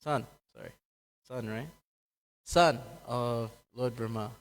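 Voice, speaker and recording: Male speaker, mid-pitch, relaxed scripture storytelling with acted-out quotes and self-corrections, long hall reverb. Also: slow pace. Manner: acts out quoted characters with raised pitch, laughs often, corrects himself. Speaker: speaker giving a scripture class. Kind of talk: casual scripture talk with storytelling.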